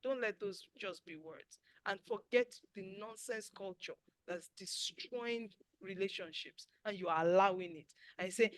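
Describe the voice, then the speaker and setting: A woman's voice: medium pitch, a little slow, hardly any pauses, dry recording, rough recording. A woman in her sixties hosting a webinar, giving an emphatic motivational talk over a video call. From Nigeria. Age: 60s. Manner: preachy, emphatic, drops to near whisper at times. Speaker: webinar host and life coach.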